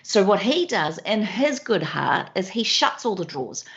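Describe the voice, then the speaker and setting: A woman's voice: medium pitch, very animated, normal speed. A woman, a podcast guest, telling enthusiastic stories and examples. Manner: enthusiastic, anecdotal, uses examples. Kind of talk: storytelling in a podcast interview. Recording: dull lo-fi recording.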